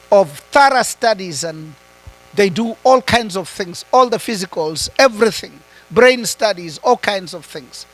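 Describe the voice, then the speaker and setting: A man giving a high-voiced motivational talk. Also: fairly bright tone, low-quality recording. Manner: switches between English and Swahili, asks the audience rhetorical questions. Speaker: retreat speaker.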